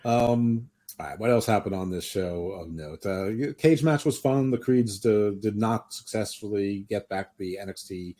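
A man's voice: lowish voice, unhurried, dark tone. A man hosting a podcast in casual chat, opinionated and rambling, often restarting his sentences. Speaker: podcast host.

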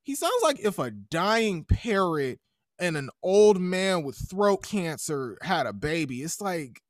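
Animated man joking on a podcast. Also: sits high, slow pace, no echo, clean studio sound. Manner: animated, jokey, does mock voices. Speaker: podcast co-host. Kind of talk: casual chat. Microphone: desk mic.

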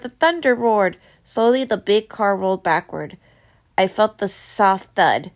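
A woman reading a novel aloud, with dramatic storytelling that turns soft and hushed in quiet passages. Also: mid-range voice, measured pace. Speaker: reader.

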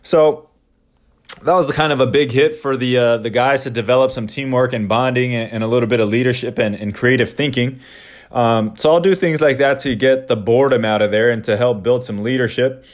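A man who coaches basketball, casually explaining his practice drills in a relaxed storytelling way with frequent fillers. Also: medium pitch, fairly quick.

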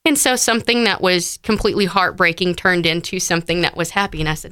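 A woman tells her story to an interviewer, heartfelt and full of fillers. Her voice is bright and clear, a little lower than most, and recorded close and dry. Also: quick pace, hardly any pauses, no room sound. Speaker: interview guest. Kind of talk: personal story in conversation.

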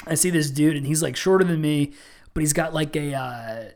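A man co-hosting a casual podcast, telling stories in an animated, laughing, profane way. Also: on the high side, normal speed. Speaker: podcast co-host. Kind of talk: casual chat, storytelling.

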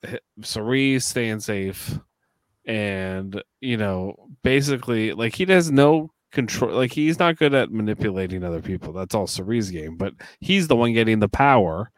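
A man with a fairly low voice co-hosts a podcast in relaxed, rambling chat. He gives blunt opinions, padded with lots of "like" and "you know." The sound is dry and close, with little room to it. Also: moderate pace, dry recording. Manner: opinionated, rambling with many fillers. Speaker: podcast co-host. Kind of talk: casual chat.

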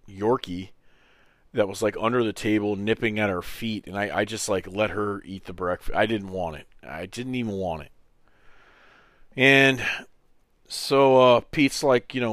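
A man in his thirties hosting a podcast, telling a long personal story in a casual, animated way and acting out the other people's lines. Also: fairly low pitch, dry recording, clean studio sound. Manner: animated storyteller who acts out quoted voices, swears freely. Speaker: podcast host.

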